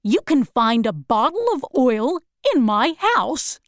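Lady reading as a sad soft tin man, slow and plain, dry close sound. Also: fairly high pitch, very animated, dry recording. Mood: pleading. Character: gentle, sad tin man who longs for a heart.

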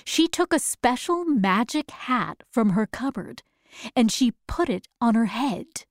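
A woman narrating a storybook chapter in clear, deliberate, simple phrasing. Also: a little high, very animated, no echo, studio quality. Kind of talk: slow storybook read-aloud.

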